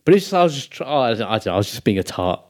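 A man hosting a podcast, telling animated anecdotes in casual chat. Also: mid-range voice, rapid-fire. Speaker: podcast host.

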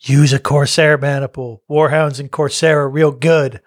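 Joking man tossing in quick asides. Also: on the high side, little pitch movement, no room sound, clean studio sound. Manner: jokey quips and asides, laughs often. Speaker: podcast co-host. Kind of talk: casual tabletop gaming chat.

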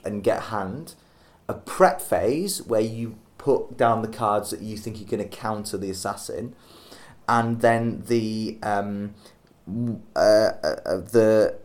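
A man co-hosting a casual podcast, pitching a game idea in a rambling, jokey way and tripping over his words. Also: takes it slowly, a little mellow. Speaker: podcast co-host.

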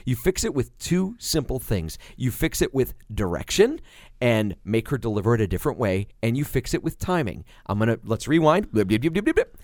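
Animated man chatting on a podcast. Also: medium pitch, moderate pace, no room sound, studio quality. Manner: animated, swears, acts out scenes. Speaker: podcast co-host. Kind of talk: casual chat.

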